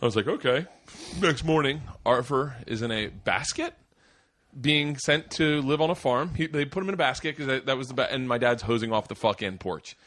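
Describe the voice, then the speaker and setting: A middle-aged man hosts a casual podcast, spinning long, rambling stories full of swearing. He laughs as he goes, in a voice of ordinary middle pitch. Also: a little fast, fairly bright tone. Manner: rambling, profane, laughs through his stories. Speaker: podcast host. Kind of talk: casual storytelling.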